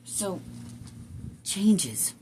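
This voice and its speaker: In a sing-song voice of medium pitch, a woman delivers a casual spiritual monologue to camera, caught on a phone against background noise. She rambles, swears, laughs to herself, and starts over again and again.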